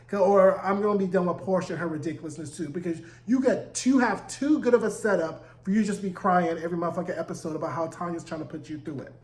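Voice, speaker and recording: A man's voice: high-pitched, roomy sound, low-quality recording. A man giving a casual recap of a TV episode, sassy and profane with chatty asides. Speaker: TV recap reviewer.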